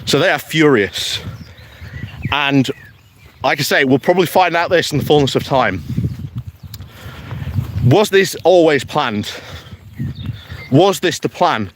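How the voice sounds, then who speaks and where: This man speaks slowly with a lively, higher-pitched intonation, pausing often, and there's a little hiss or hum in the recording. Live-streaming casual political commentary during a morning countryside walk, he chuckles a lot, chats freely, and reads viewer comments aloud.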